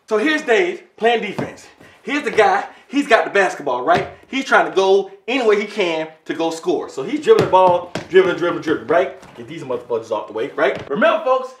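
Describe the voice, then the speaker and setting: A man vlogging to camera in a casual comedic rant, profane and animated, talking to his viewers as folks. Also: high voice. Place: indoor room with wooden floor. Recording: echoey room.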